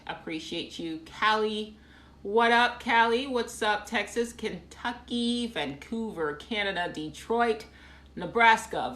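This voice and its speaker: A woman's voice: fairly low pitch, sharp tone. A woman painter chatting on a live phone stream, rambling casually with lots of ums and reading viewer comments aloud. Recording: echoey room.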